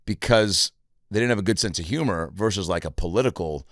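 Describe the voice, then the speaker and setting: A man's voice: low-pitched, brisk, dry recording, studio quality. A man hosting a podcast, chatty and enthusiastic, with lots of fillers. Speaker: podcast host. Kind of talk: casual podcast chat. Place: podcast studio.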